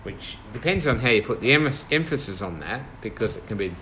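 Teaching an informal Bible study to a small group, a fairly low-voiced man speaks animatedly yet haltingly, thinking aloud with many fillers and false starts. The audio is poor, with a soft hiss underneath.

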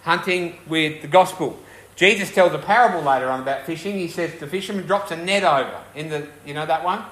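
A man's voice: a little high, a little fast, a bit bright, roomy sound. A man preaching a sermon as pastor, earnest and conversational, often asking the congregation questions.

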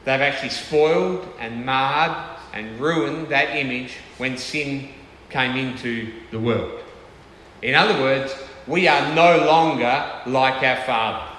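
A man's voice: medium pitch, slow, a bit bright, slight background noise. A man preaching a sermon in a conversational way, often checking in with his listeners. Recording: echoey hall with faint ambience.

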